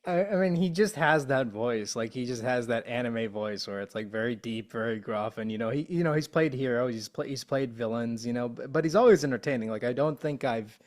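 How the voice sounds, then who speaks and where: A man's voice: mid-range voice, brisk, hardly any pauses. Chatty male podcast host. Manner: chatty, loose phrasing. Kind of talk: casual interview chat.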